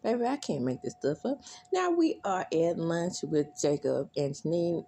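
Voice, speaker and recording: A woman recapping a TV episode in a chatty, animated way, laughing often and squealing when she quotes lines. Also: fairly low pitch, moderate pace, husky. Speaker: recap vlogger.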